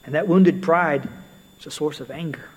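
A man with a somewhat high, husky voice preaches a sermon at normal speed, keeping it conversational with everyday stories, storytelling asides, and occasional fillers. A large hall's long reverb lingers on every word.

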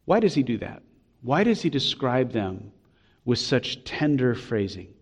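A man delivers a sermon in a church sanctuary with long reverb trailing each phrase. He speaks in an earnest, heartfelt way and climbs higher when stressing a point. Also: very animated, unhurried, breathy edge. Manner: earnest, warm preaching with emphatic rises. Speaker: pastor.

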